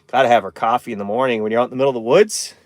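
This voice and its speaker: A man's voice: mid-range voice, racing, no echo. A man live streaming from inside his camper van, chatting casually and rambling while reading viewer comments aloud.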